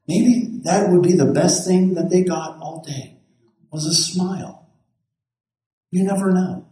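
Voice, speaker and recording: Mellow and fairly high-pitched, this male pastor's voice carries casual stories told in a rambling, folksy manner with many restarts. Heavy echo fills the room.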